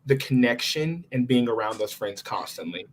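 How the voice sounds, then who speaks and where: A man's voice: mid-range voice, moderate pace, a little hiss or hum. A young man in his twenties, a podcast guest, telling his story casually and with feeling, quoting his own thoughts. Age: 20s. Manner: animated, expressive retelling with quoted inner thoughts.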